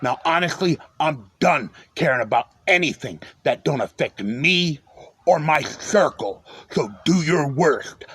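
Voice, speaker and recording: A man with a husky, somewhat high voice delivers a defiant wrestling promo. His threats come through dry and close, with no room around them. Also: expressive, a little slow, a bit bright, no echo.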